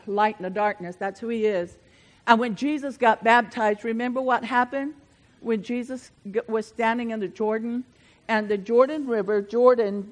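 Older lady preacher, kinda high voice, gets loud and fired up then goes chatty with the folks. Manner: swells louder and higher when preaching, drops to chatty asides with the congregation. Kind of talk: sermon.

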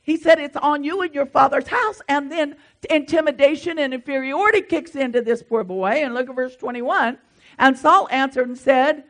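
A woman preaching a sermon in church, swinging between hushed asides and loud emphatic lines. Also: high voice, animated, moderate pace, vocal fry, low-quality recording.

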